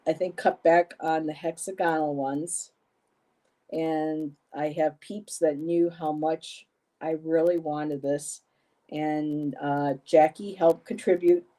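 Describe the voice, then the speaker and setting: A woman in a casual vlog, talking to her viewers with many ums and pauses, gushing and emotional. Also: sits low, warm tone. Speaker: vlogger.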